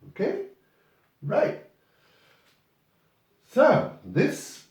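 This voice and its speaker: A man's voice: a little high, wildly swooping pitch, slow pace, pauses often, a little mellow. A man teaching English pronunciation in a classroom, patiently repeating words and calling on students. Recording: echoey classroom from far off.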